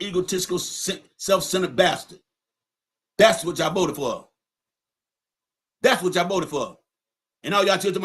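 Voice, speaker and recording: A man's voice: high voice, a bit bright. A man hosting a podcast livestream, delivering an angry, profane, confrontational rant and repeating his points for emphasis. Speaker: podcast host. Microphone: livestream setup.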